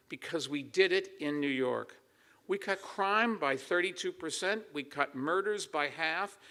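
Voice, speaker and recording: Older man giving a bright campaign speech. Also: on the high side. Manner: emphatic, repetitive rhetorical questions. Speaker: political candidate. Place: assembly hall.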